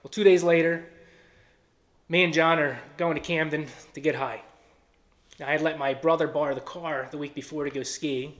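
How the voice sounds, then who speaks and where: A man's voice: a little high, steady tone, moderate pace, a bit bright. A man with a Philadelphia-area accent giving an earnest personal testimony and acting out quoted dialogue. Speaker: testimony speaker.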